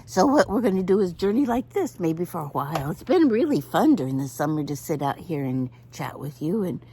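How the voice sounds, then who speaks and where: A woman's voice: lowish voice, big pitch swings, brisk, dark tone, slight background noise. An older woman chatting to camera outdoors, telling a story with lots of laughter. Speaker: vlogger.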